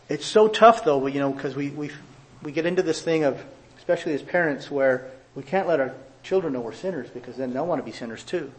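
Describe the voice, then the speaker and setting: A middle-aged man preaching a sermon as pastor, animated, acting out quoted excuses in a raised voice. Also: fairly high pitch.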